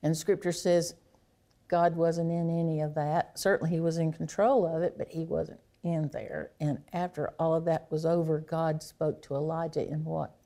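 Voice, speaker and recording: Woman, sermon, lower pitch, mellow tone, reflective, hushed emphasis. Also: flat delivery. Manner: slow, reflective, drops to a hush on key phrases. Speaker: preacher.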